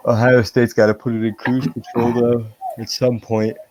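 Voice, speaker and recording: A man's voice: mid-range voice, little pitch movement, moderate pace, darkish tone, no room sound. A man chiming in with short, matter-of-fact remarks during a casual betting chat.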